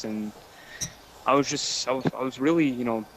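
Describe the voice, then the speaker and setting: A man's voice: medium pitch, moderate pace, a little hiss or hum, low-quality recording. A man recounting a memory in an interview, talking plainly with many fillers. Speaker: wrestler. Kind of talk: shoot interview.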